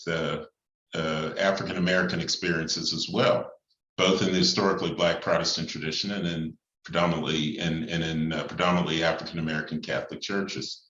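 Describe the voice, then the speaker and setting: A man with a very low, bright-edged voice talks slowly and deliberately, stopping often to find his words. The room echoes around him, and the sound is a little dull. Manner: thoughtful and measured, with frequent pauses and fillers. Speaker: priest. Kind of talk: reflective talk on church and society.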